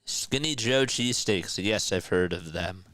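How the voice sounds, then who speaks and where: A tired man calls a ball game live for his chat, talking slowly between pitches and reading viewer comments aloud. His voice is bright and smooth, close to the mic in a dry room, and it jumps up loudly when a ball gets hit deep. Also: dry recording. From South Jersey, US. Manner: chatty, reads viewer comments aloud, rises to excited calls on big plays. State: tired, yawning. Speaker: play-by-play streamer.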